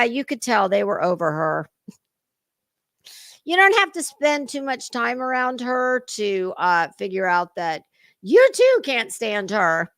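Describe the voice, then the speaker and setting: A woman host delivers snarky, profanity-laced commentary while chatting with her viewers. Her voice sits a little high, and the sound is close and dry with no room around it. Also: fairly bright tone, no echo. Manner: mocking, profane, talks to chat. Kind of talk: sarcastic reaction commentary.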